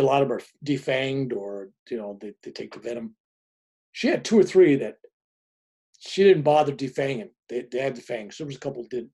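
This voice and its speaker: Husky older man telling a story. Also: mid-range voice. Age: 70s. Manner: animated, chuckling storyteller. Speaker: guest, spiritual author. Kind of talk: casual storytelling.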